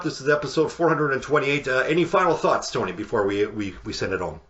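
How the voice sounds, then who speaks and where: A man co-hosting a casual sports podcast, talking in halting bursts with many restarts and fillers. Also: medium pitch, fairly bright tone, muffled recording. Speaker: podcast co-host. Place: home podcast studio.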